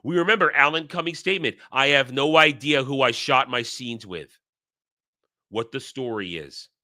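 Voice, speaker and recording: Man, sarcastic ranting commentary, forceful bright tone, dry close mic. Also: medium pitch, normal speed, no room sound. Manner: sarcastic, scornful, repeats phrases. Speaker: online commentary host.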